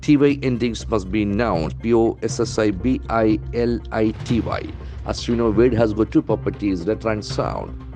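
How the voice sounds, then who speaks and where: A man's voice: lowish voice, moderate pace, dark tone, soft background music. Man spelling out words. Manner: spells words letter by letter and repeats them. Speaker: English trainer. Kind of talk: newspaper vocabulary lesson.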